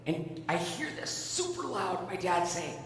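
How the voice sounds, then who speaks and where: A woman giving a keynote speech, telling a personal story in an animated, conversational way. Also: fairly low pitch, unhurried. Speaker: keynote speaker. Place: large event hall. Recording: echoey hall from far off.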